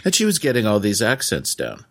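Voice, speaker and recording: A man chatting casually in a relaxed way, often replying with short agreement. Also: on the low side, brisk. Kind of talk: casual podcast chat.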